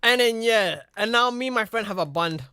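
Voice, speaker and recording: A man's voice: very high-pitched, animated, brisk, sharp tone, clear, resonant tone, no room sound. A young man casually telling a rambling story, repeating "you know what I mean" and acting out the people in it. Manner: acts out the other people in his story. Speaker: streamer.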